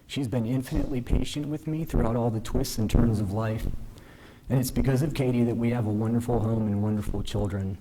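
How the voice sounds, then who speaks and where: Man, mid-pitched mellow voice, formal ceremony speech, earnest, measured, self-deprecating, faint background hiss. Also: fairly even intonation. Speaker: newly invested justice giving a speech. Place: ceremony hall.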